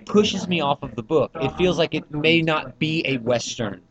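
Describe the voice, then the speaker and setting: A man's voice: fairly high pitch, expressive, normal speed, muffled recording, a crowd in the background. A man co-hosting a comics podcast in casual chat, ranting and joking crudely. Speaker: podcast co-host.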